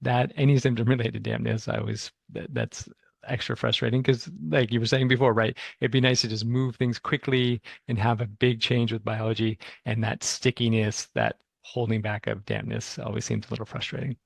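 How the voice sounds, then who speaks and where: A man acupuncturist musing over clinical experience in casual talk, halting and restarting as he thinks. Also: mid-range voice, little pitch movement, gravelly, dry recording. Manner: halting, many restarts, reflective. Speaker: acupuncturist, host.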